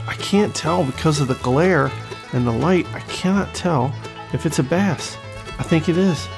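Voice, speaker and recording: A man giving casual, excitable commentary over a fishing video game, joking around and swearing when a fish gets away. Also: a little high, moderate pace, gravelly, over music. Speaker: gaming channel host.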